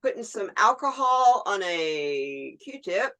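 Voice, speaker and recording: A woman's voice: mid-range voice, big pitch swings, slow pace, pushed and bright. A woman hosting a resin art tutorial, chatting casually and talking to herself as she works. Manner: chatty, talks to herself while working, laughs easily. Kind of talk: casual hands-on demonstration.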